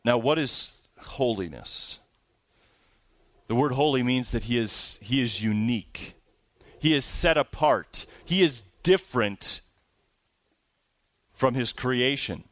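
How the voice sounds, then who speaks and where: A man's voice: medium pitch, fairly bright tone, no echo. Man preaching with dry close sound. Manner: preaching with rising emphasis and slow drawn-out scripture reading. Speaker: pastor. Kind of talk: sermon.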